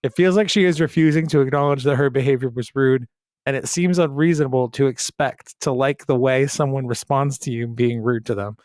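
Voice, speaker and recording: Man, podcast host, sarcastic, swears a lot, mid pitch, dry close sound. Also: fairly quick, darkish tone, dry recording. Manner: sarcastic, profane, jokey asides. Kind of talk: casual comedic chat reading a post aloud.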